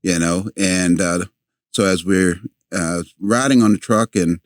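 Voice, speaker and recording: Older man, deep voice, halting storyteller, dry close sound. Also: dry recording. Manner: halting, many fillers and restarts. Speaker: guest. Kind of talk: storytelling in a podcast interview.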